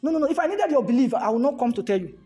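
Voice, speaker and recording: A Nigerian man giving a motivational talk to a live audience, animated and fond of repeated rhetorical questions, slipping into pidgin. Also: extremely high pitch, rapid-fire, faint music behind. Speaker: motivational speaker.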